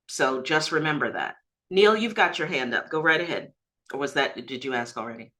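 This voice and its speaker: Bright emphatic woman broker coaching. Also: low voice, normal speed, low-quality recording. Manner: emphatic, lively, laughs easily. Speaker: managing broker leading a training call. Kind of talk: instructive group coaching. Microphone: video call.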